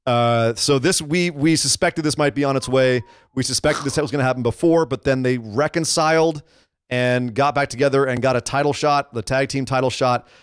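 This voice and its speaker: A man co-hosting a casual wrestling podcast, talking excitably and rambling with frequent restarts. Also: medium pitch, moderate pace, clear, resonant tone, no echo, studio quality. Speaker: podcast co-host.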